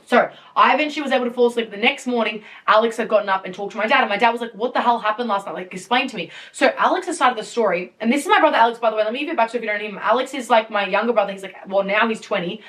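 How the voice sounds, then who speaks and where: Animated young woman telling a story. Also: on the high side, very fast, hardly any pauses, distant mic. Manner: animated, laughing, swearing often. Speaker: podcast host. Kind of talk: casual storytelling. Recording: voice a bit off-mic.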